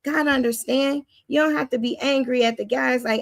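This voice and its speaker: A woman with a high, youthful-sounding voice giving an informal spoken teaching on faith, preacherly and often acting out the voices she quotes. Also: steady tone, normal speed, creaky, no room sound.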